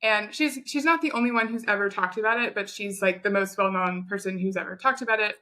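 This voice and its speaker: A woman in her thirties with a bright, forceful voice. She talks in an animated, chatty way, like a guest sharing her own story on a podcast. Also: mid-range voice, fast talker. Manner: chatty, animated retelling with quoted asides. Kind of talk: conversational storytelling.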